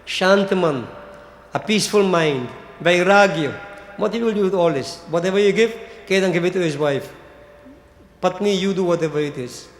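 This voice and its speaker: A man's voice: high-pitched, normal speed, slight background noise. Older man preaching in an echoey hall. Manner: addresses listeners as devotees, rhetorical asides like "hmm?". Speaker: pandit giving a religious discourse. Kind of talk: sermon. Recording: echoey hall with long reverb.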